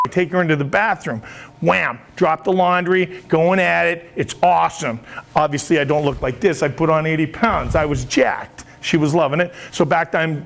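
Man, boisterous comic weatherman, raspy gravel, raised pitch. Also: moderate pace, fairly bright tone, slight background noise. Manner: brash, boisterous, profane. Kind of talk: comedy sketch rehearsal. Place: outdoors on a street curb.

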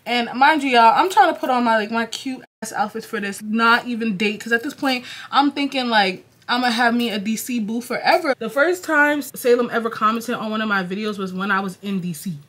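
A young woman, a YouTuber, telling a slangy, animated storytime in a casual vlog. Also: on the high side, brisk, hardly any pauses. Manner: slangy, animated, quotes others in her own voice.

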